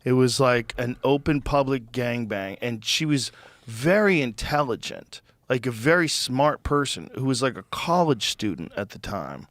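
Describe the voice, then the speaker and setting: A man's voice: medium pitch, expressive, measured pace, a bit bright, no room sound. A man hosting a podcast in casual chat, musing bluntly with lots of "like" fillers. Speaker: podcast host.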